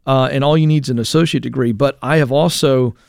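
A man's voice: mid-range voice, fairly even intonation, fast talker, vocal fry, a little mellow, clean tone, dry recording, clean studio sound. A man co-hosting a call-in radio show, talking casually with fillers and restarts as he reads from a list. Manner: conversational, frequent fillers and restarts.

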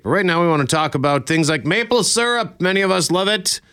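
A man's voice: on the high side, sing-song, quick pace, fairly bright tone, no echo, clean studio sound. A Canadian man hosting a radio talk show, reading listener emails and phone numbers in an upbeat way. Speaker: radio host.

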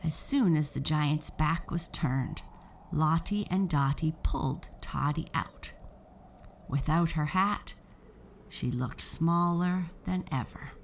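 A woman with a low voice reads a children's storybook aloud, slowly and expressively. A faint hiss sits under the recording. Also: gravelly.

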